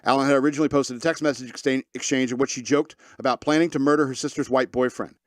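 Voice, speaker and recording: A man's voice: mid-range voice, steady tone, fast talker, dry recording. Sarcastic man reading news, dry close mic. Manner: sarcastic, reads quotes aloud with asides. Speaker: podcast host reading news. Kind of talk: casual talk radio commentary.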